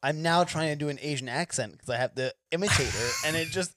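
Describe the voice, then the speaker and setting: A man's voice: on the high side, quick pace, a bit bright, dry recording, studio quality. A young man from New Jersey hosting a casual podcast chat, rambling and swearing freely as he tells stories. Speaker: podcast host.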